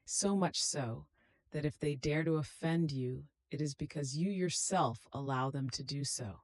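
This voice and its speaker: Devotional reading, solemn, meditative, unhurried, dry close recording. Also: medium pitch, dry recording. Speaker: devotional reader.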